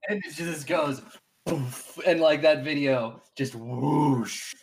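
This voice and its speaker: A man running a tabletop game as game master, animated, often laughing and putting on voices for characters. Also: on the high side, takes it slowly, a little hiss or hum.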